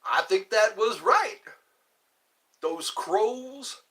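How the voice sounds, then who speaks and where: A man hosting a casual live stream, musing aloud and half-singing song lines softly. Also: high voice, expressive, drawn-out words.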